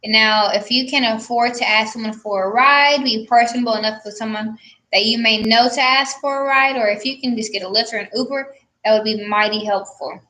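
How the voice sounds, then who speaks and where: A woman's voice: on the high side, brisk, bright, forceful tone, a little hiss or hum. A teenage girl co-hosting a radio talk show, chatty and giving advice, often correcting herself. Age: teens. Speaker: teen radio co-host. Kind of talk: casual radio chat.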